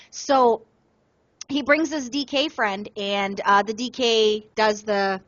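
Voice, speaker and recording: A woman co-hosts a gaming podcast, spinning an animated tale in a mid-range voice. The sound is dry and a little dull, like a home mic in a small room. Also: on the high side, a little slow, no room sound. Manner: animated storyteller, acts out other players in quotes. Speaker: podcast co-host. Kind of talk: casual gaming podcast storytelling.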